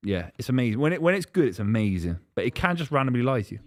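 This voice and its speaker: A man co-hosting a casual stream with a lively, swinging pitch and a jokey manner. He is recorded close and dry. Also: racing, no room sound. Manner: animated, jokey. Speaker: podcast co-host. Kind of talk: casual chat on a live stream.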